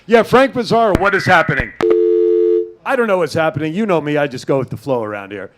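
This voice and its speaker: A man's voice: on the high side, fast talker, very noisy. A man hosting a talk show, joking with his guest and taking calls. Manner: joking, animated, takes callers. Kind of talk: casual radio talk show banter.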